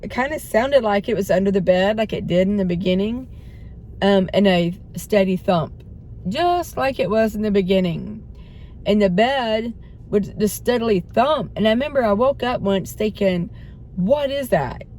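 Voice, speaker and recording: A hoarse middle-aged woman vlogging in a rambling, self-doubting way, laughing between thoughts and often trailing off. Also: mid-range voice, moderate pace, a little mellow, slight background noise. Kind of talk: rambling spiritual vlog chat.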